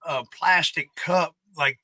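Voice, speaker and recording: A man's voice: fairly high pitch, bright, forceful tone, no echo. A man hosting a casual live stream, rambling and swearing freely as he chats with viewers. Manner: rambling, profane, drawn-out.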